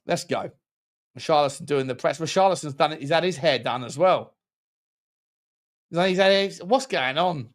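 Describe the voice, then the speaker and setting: A man calls a football match live for his stream. He jokes, jumps up in excitement at chances, and thanks his viewers by name. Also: on the high side, moderate pace, pauses often. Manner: jokey, excitable, chats with viewers between plays. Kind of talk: live match commentary and chat.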